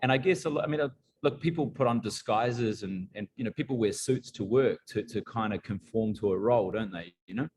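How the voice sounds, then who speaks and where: A man, a band member guest, talking in halting stops and restarts. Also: on the low side, noisy background. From New Zealand. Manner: hesitant, many restarts. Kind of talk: casual interview chat.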